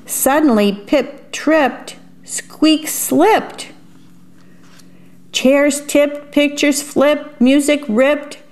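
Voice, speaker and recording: A woman reading a picture book aloud and pausing to describe the pictures in a chatty aside. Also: high-pitched, fairly even intonation, darkish tone. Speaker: storyteller.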